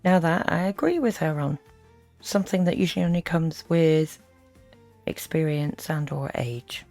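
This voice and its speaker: Woman, reaction commentator, low voice, dry wry asides, faint music behind. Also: expressive, moderate pace, mellow. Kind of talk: commentary over a played stream.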